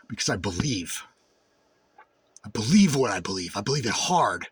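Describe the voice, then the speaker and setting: A man giving a raw personal monologue to camera, intense and full of swearing, dropping low and brooding, then rising to shouts. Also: big pitch swings, moderate pace, long pauses, husky. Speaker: vlogger.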